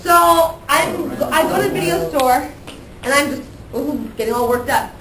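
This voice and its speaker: A high-voiced young woman teacher talks to her class in a chatty, worked-up way, acting out how she reacted as the story goes on. She is recorded from across a noisy, echoey classroom. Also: normal speed, distant mic, a crowd in the background.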